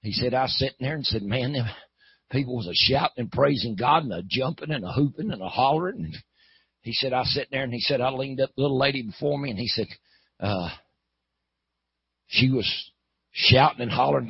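Gravelly preacher, building to a holler. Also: male voice, mid-range voice, fairly quick, dry recording. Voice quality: gravelly, husky. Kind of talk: sermon storytelling. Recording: dull, lo-fi.

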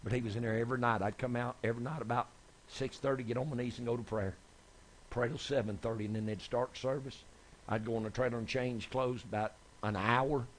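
A man preaching a sermon, telling folksy testimony stories that build to excited shouts. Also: mid-range voice, a little fast, a little hiss or hum. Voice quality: gravelly, husky. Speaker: evangelist preacher.

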